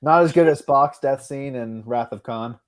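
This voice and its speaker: A man's voice: mid-range voice, moderate pace, dry recording. A man co-hosting a casual chat show, laughing easily and giving firm opinions. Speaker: co-host.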